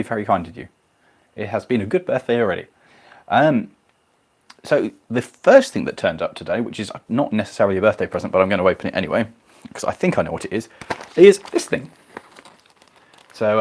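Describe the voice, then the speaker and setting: A man hosting a live stream, chatting casually and answering viewer comments in a rambling, self-deprecating way. His voice sits low and a bit husky, with pitch that jumps around a lot.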